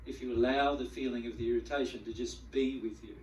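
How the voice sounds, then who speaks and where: A man giving a spiritual teaching talk to a group, animated, acting out the feelings he describes and often repeating words as he goes. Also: medium pitch, fast talker, a little hiss or hum. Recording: echoey room, mic at a distance.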